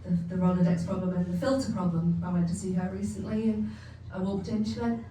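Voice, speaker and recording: A young Englishwoman does stand-up on a comedy club stage, her medium-pitched, mellow voice steady and fast. She's chatty and self-mocking, laughing often as she acts out her family. The echoey venue is recorded from far off, with a faint hum.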